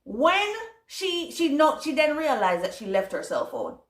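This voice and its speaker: Woman vlogger, high lively voice, roomy echo, casual commentary. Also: unhurried. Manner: animated, stumbling restarts.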